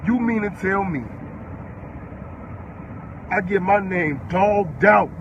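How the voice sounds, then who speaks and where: A man's voice: high-pitched, takes it slowly, highs cut off, background noise. An eighteen-year-old man from the Chicago area, ranting on a livestream, furious and profane, repeating himself. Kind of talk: angry livestream rant.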